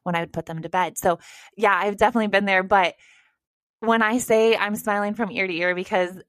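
A woman in her thirties speaks straight to her listeners with a casual, encouraging push. Her voice sits at a middle pitch. It is recorded close and dry, with no room sound. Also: steady tone, a little fast, fairly bright tone, no echo. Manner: encouraging, direct, addresses listeners as "girl" and "you guys". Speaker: podcast co-host. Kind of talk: casual motivational chat.

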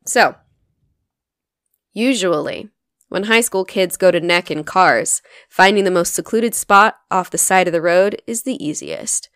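A woman's voice: lowish voice, a little slow, fairly bright tone, no echo, clean studio sound. A young woman co-hosting a podcast, chatting casually and playfully and laughing often. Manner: giggly, playful, tells the episode's topic. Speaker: podcast co-host. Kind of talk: casual chat.

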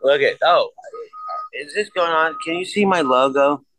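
A man's voice: on the high side, moderate pace, pushed and bright, no room sound, poor audio. A man casually telling rambling, profane stories and acting out the dialogue. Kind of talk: casual conversation.

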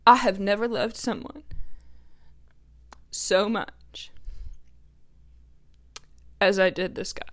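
A woman's voice: mid-range voice, takes it slowly, pauses often. A young woman, hosting a podcast and telling a personal story in a chatty, blunt, profane way, full of "like". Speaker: podcast host.

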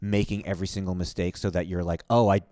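A man chatting casually as a guest, relaxed and full of fillers. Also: deep voice, quick pace, no room sound. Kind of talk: casual podcast chat.

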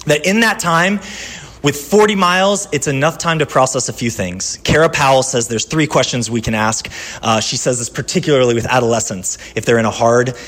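A man pastor giving a sermon in a conversational style, telling personal stories and dropping from lively to hushed. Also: mid-range voice, fairly quick.

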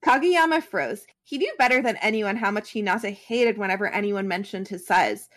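A woman's voice: medium pitch, normal speed, a bit bright. A woman reading a fan story aloud as a podcast co-host, stopping now and then for casual asides.

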